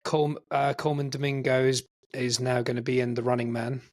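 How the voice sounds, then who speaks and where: A man's voice: mid-range voice, little pitch movement, brisk. Eager man chatting about films. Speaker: podcast co-host. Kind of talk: casual film chat.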